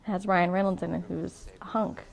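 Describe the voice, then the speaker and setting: A woman's voice: on the low side, fairly even intonation, a little fast, vocal fry. A young woman casually telling the story of her proposal in an interview, chatty, with frequent ums and restarts.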